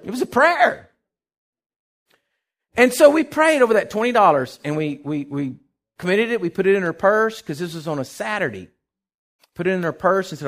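A middle-aged pastor preaching a sermon, telling a personal story with acted-out quotes and sudden shouts. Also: male voice, a little high, lively intonation, brisk.

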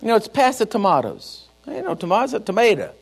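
A man's voice: extremely high pitch, rapid-fire, creaky, breathy edge. A man with a Texan accent, preaching a sermon to his church in a folksy, emphatic storytelling manner. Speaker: pastor.

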